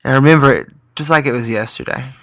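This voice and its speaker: A man in his thirties co-hosting a comedic podcast, speaking with a mock-earnest, drawn-out comic delivery. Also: medium pitch, bright, forceful tone. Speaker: podcast co-host.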